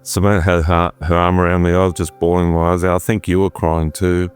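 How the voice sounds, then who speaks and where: Deep-voiced man telling his story. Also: brisk, smooth, faint music behind. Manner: animated, acts out quotes, chats with his wife. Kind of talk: conversational storytelling interview. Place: his home office.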